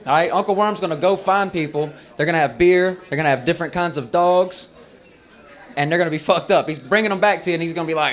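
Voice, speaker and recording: Male stand-up comic, brash and profane, slightly high voice, live bar set. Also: a little fast. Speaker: stand-up comedian. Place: bar stage at an open mic.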